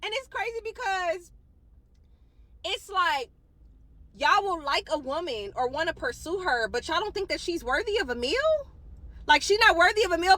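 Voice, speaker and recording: A woman telling a personal story casually, in an expressive, slang-heavy way. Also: sits high. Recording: noisy urban background with traffic.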